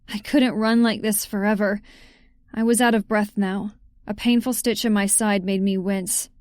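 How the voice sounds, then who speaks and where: A woman's voice: mid-range voice, a little mellow, no echo, clean studio sound. A woman reading a first-person romance audiobook in a tense, urgent way. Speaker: audiobook narrator.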